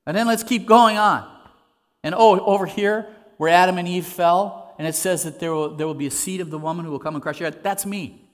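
A man's voice: high voice, a bit bright, big-room sound, voice pushed up. A man acting out an eager teacher exclaiming. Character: excited male teacher pointing to himself.

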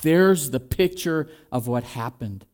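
A man's voice: medium pitch, animated, slow pace, darkish tone. A man preaching a sermon in a conversational way, acting out the quoted voices as he goes. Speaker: pastor.

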